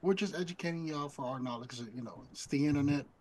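A man's voice: fairly high pitch, fast, a little mellow, slight background noise, low-quality recording. A man with an American Samoan accent hosting a podcast, talking easygoing and offering friendly disclaimers. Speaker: podcast host. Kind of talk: casual chat.

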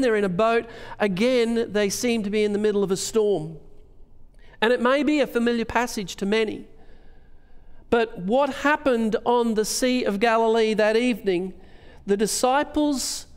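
A man's voice: high voice, clean tone, in a large hall. A male pastor with an Australian accent preaching a sermon, asking earnest questions and reading scripture aloud. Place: church hall.

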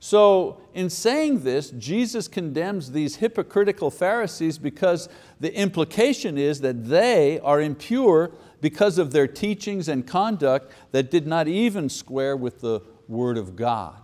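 In a relaxed, conversational style, a man teaches a Bible lesson, quickly slipping into voices for the people in the story. His voice sits a little high with a darkish tone.

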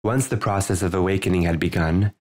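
A man with a deep, low voice narrates his own book in audiobook style. He tells his first-person story in a measured, earnest way. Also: fairly even intonation, darkish tone.

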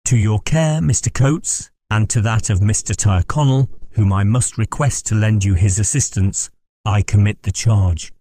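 A man voicing a stern young gentleman heir who gives formal, commanding orders in an audiobook. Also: on the low side, moderate pace, dry recording, close to an everyday voice.

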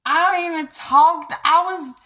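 A woman's voice: very high-pitched, a little slow, pushed and bright, a little hiss or hum. A young woman venting to her viewers about a rejection, rambling with sighs, trailing off and nervous laughs. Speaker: vlogger. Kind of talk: emotional rant to camera.

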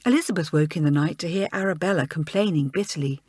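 A woman narrating a children's audiobook in an expressive storytelling style. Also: sits low, quick pace, few pauses, slightly rough, dry recording, studio quality. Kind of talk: scripted narration.

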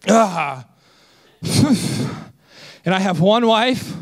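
A man in his twenties, a senior associate pastor, preaching a sermon with lively self-deprecating stories. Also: sits high, moderate pace. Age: 20s. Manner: energetic, storytelling with self-deprecating humor.

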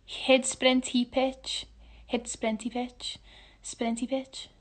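A woman's voice: a little high, flat delivery, slow. A woman with a Scouse accent, playing a word-guessing game into her phone at home, laughing and exclaiming as she goes. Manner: laughing, exclaiming, playful swearing. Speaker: musical theatre performer. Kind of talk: casual selfie video game.

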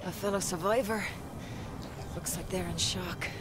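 A woman's voice: on the low side, fairly even intonation, unhurried, close to an everyday voice. A woman playing a tough, foul-mouthed survivor in a video game, with a broad, forced-sounding Irish accent full of slang. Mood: wry. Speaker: player character. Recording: game audio over music.

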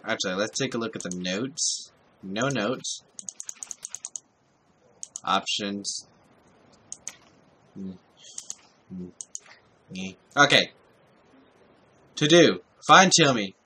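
Gamer guy, bright voice, loose muttering commentary, cusses, faint keyboard clicks behind. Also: on the low side, lively intonation, very slow, pauses often, slight background noise. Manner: swears often, talks to himself while playing. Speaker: gameplay commentator. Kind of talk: casual let's-play commentary.

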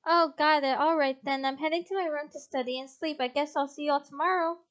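A woman's voice: high-pitched, fairly even intonation, quick pace, fairly bright tone, lo-fi sound. A woman playing a visual novel, reading its text aloud and commenting, often breaking into giggles. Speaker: game streamer.

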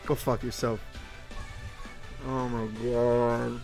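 This young man hosts a mobile game channel, talking slowly at medium pitch with vocal fry over music. Pulling summons, he offers casual, excitable commentary, swears a lot, and shifts from dejected muttering to shouts.

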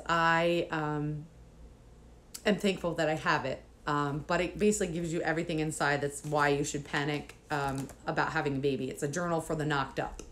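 A woman's voice: sits low, normal speed. A woman speaking to camera as a mom coach, nervous and emotional, close to tears with nervous laughs, then earnest and encouraging toward other moms. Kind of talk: personal vlog talking to camera.

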